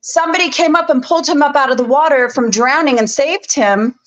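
A woman's voice: high-pitched, fairly quick, fairly bright tone. A woman in a casual chat, plainly retelling what happened.

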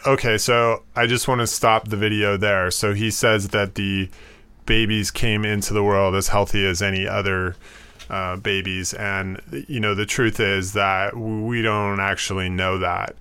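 A man giving explanatory commentary in a low, fairly flat voice. His tone is bright and crisp, and he talks in a halting, thoughtful way with frequent fillers and restarts.

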